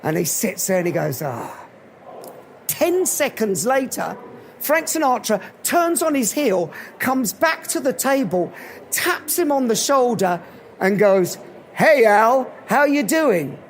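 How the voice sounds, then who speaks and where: A man giving a live motivational talk at an event, telling animated anecdotes. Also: very high voice, a little slow, gravelly, slight background noise. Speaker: motivational speaker.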